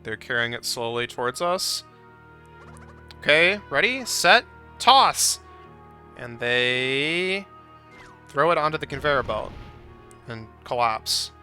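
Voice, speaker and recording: A man's voice: medium pitch, a little slow, pushed and bright, faint music behind. A man casually narrating a video game playthrough for listeners, describing each scene in a playful, chatty way. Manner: playful and chatty, with frequent laughs. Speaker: streamer narrating gameplay.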